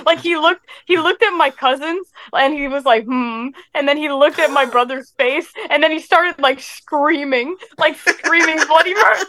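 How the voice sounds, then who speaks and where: A woman's voice: sits high, normal speed, few pauses, sharp tone. A woman co-hosting a podcast, telling stories in casual chat with frequent laughter. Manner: rambling storyteller, laughs often. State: sick. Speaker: podcast co-host.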